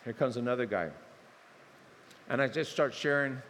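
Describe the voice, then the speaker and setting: An older man preaching a sermon, telling stories in a lively, conversational way, acting out dialogue with humor. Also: medium pitch, moderate pace, a little hiss or hum. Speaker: pastor. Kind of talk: sermon storytelling. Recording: long hall reverb, faint ambience.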